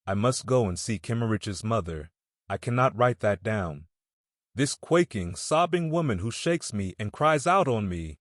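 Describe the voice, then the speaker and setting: A man's voice: on the low side, expressive, unhurried, no echo. Somber male audiobook narrator, dry sound. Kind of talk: scripted narration.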